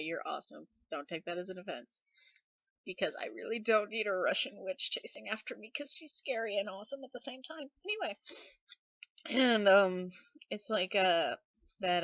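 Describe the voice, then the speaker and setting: Bright-voiced woman chatting casually. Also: medium pitch, moderate pace, no echo. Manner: rambling, many fillers and asides. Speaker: vlogger. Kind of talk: casual chat. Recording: dull lo-fi dry recording.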